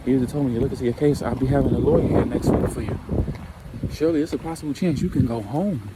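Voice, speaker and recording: A man's voice: mid-range voice, fast talker, heavy background noise, voice pushed up, close to an everyday voice. A man voicing a woman's eager, caring sister who repeats herself insistently. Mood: urgent hopeful.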